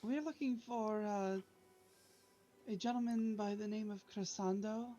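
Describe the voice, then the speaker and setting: A woman's voice: mid-range voice, fairly even intonation, a little slow, dark tone. Hesitant woman on a dull mic. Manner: hesitant, many uhs. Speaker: player. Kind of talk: casual tabletop roleplay.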